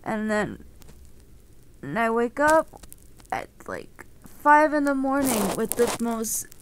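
A woman's voice: fairly high pitch, slow, slight background noise. A young woman chatting casually to her vlog camera, rambling and giggly with lots of filler words. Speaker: vlogger.

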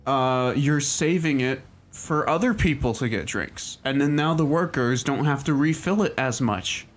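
Man streaming a game, rambling chatty commentary, mid-pitched voice, faint game music behind. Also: unhurried. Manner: rambling and chatty, lots of "like", laughs often. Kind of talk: casual gaming commentary.

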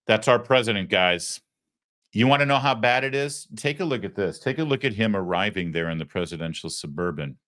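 A man's voice: on the low side, expressive, fairly quick, fairly bright tone. A man hosting a political commentary show, talking in a sarcastic, indignant way. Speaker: host.

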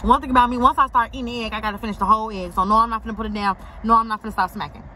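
A woman's voice: a little high, fairly even intonation, rapid-fire, sharp tone, slight background noise. A young woman vlogging to camera from inside a parked car, talking emphatically in slangy, repetitive bursts while she eats. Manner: emphatic, repeats herself for punch, slangy. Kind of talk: casual eating vlog talk to camera. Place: inside a parked car outside an auto shop.

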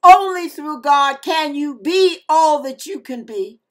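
A woman's voice: sits high, animated, slow. A woman giving a fervent devotional sermon online, reading scripture aloud and talking directly to her listeners. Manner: fervent, emphatic, breaks into gospel singing; addresses listeners as y'all and you guys. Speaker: online preacher.

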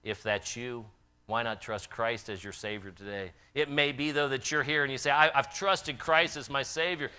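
A man preaching a sermon in a church, swinging from loud impassioned calls to quiet, earnest appeals. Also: mid-range voice, normal speed, clear, resonant tone. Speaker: pastor. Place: church sanctuary.

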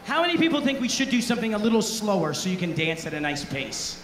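High, lively bandleader working a crowd. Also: male voice, fast talker, noisy background. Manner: joking, rousing, calls out to the crowd. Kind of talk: onstage crowd banter. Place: festival tent with live band. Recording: echoey tent with live band music.

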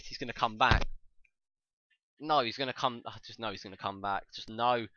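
A young man giving excitable, sweary commentary over his own gameplay, breaking into shouts. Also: medium pitch, normal speed, no echo. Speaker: gaming channel host. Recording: dull lo-fi dry mic.

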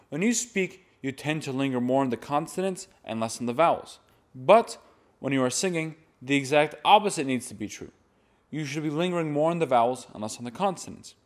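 Male chant teacher, clear explanatory delivery, voice sits a little high. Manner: plain, explanatory, with sung demonstrations. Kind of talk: instructional talk to camera.

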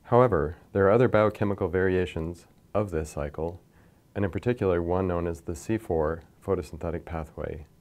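A man lecturing from slides in a measured, explanatory way, pointing to figures as he goes. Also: low-pitched, darkish tone. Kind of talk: scripted science lecture over slides.

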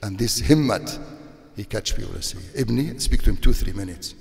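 Sheikh in a hall. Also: male voice, fairly low pitch, normal speed, creaky. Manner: non-native English with frequent Arabic religious phrases, animated when scolding. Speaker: sheikh giving a religious talk. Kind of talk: sermon. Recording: long reverb of a hall.

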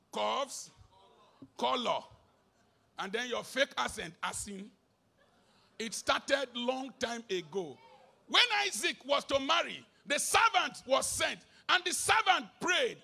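Nigerian-accented man, middle-aged, emphatic sermon; bright, husky edge, dips into Pidgin. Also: animated, slow, long pauses. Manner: emphatic, swinging from shouted bursts to low asides, mixing in Pidgin. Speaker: preacher.

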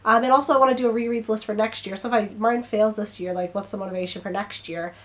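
A woman's voice: mid-range voice, steady tone, fast talker, fairly bright tone. A young woman chatting casually to camera as a book vlogger, her throat a little strained, rambling and now and then stumbling over her words.

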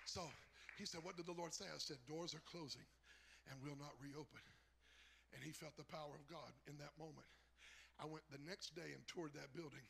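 Bishop, male, high bright gravelly voice, husky, storytelling that climbs to shouting. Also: steady tone, moderate pace, some chatter behind, slight background noise. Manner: rises from low storytelling to shouted, high-pitched preaching. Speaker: bishop, guest preacher. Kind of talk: sermon storytelling building to shouted preaching.

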